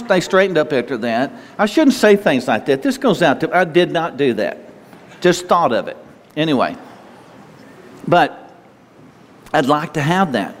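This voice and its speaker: An older man preaching a sermon in a folksy, rambling way, full of asides and restarts. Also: medium pitch. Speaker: pastor. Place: church sanctuary. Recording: long hall reverb.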